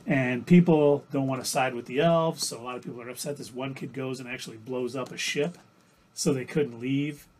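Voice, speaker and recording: A man's voice: mid-range voice, fairly even intonation, moderate pace, a little mellow, a little hiss or hum. A man co-hosting a livestream, casually recapping TV episodes in a rambling, self-correcting way. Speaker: livestream co-host.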